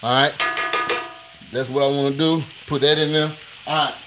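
A man hosting a live cooking stream in his home kitchen, talking straight to viewers in a hurried, repetitive way. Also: medium pitch, fairly even intonation, over music. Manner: hurried, talks straight to viewers, repeats himself. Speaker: cooking show host. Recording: sizzling pan noise behind.

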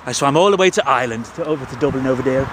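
A man's voice: medium pitch, racing, background noise. A man in his forties with a Northern English accent, talking a rambling, crude, jokey vlog outdoors on sand dunes by the sea, out of breath from climbing. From England. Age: 40s. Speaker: vlogger.

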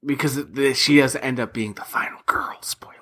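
A man's voice: mid-range voice, steady tone, a little fast, a bit bright, breathy edge. A man co-hosting a podcast, casually chatting about a film with sardonic, profane jokes. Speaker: podcast co-host. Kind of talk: casual film review chat.

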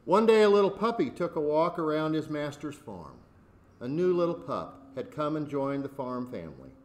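A man preaching a sermon and telling a fable, deliberate with measured pauses. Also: a little high, very animated, a little mellow.

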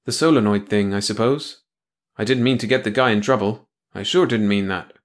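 A man voicing a gruff, world-weary male prison official in an audiobook reading, talking in a tired, growling way. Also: lowish voice, fairly quick, natural voice.

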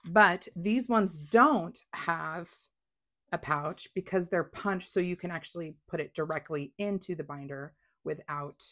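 A woman chats through a crafting unboxing at home. Her voice sits a little low and her pace is unhurried. She gushes with excitement and sometimes drops to a breathy whisper. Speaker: crafting vlogger. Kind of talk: casual unboxing chat.

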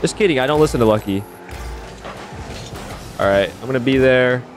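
A young man giving casual, excitable commentary over his own gameplay, swearing and mocking himself, his voice leaping up high in hype moments. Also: moderate pace. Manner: excitable, swears, self-mocking, voice leaps up high when hyped. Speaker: gaming YouTuber. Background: background beat music.

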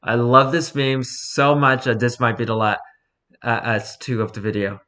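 A man's voice: mid-range voice, moderate pace, bright, forceful tone. A man hosting a casual video, reading posts aloud with wry, playful asides. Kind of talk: casual commentary.

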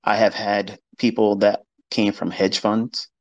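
His low voice has little pitch movement and a measured pace as he hosts an online audio chat. A trading educator, he gives a blunt, profane, casual monologue that mocks the doubters he quotes. The audio is rough.

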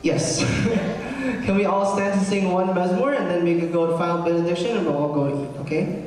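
A man's voice: sits high, fairly even intonation, fairly quick, a little mellow, a little hiss or hum. A young man serving as a deacon, preaching a sermon in an earnest, conversational way, often checking in with the congregation. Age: young adult. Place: large cathedral. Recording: echoey cathedral, mic from far off.

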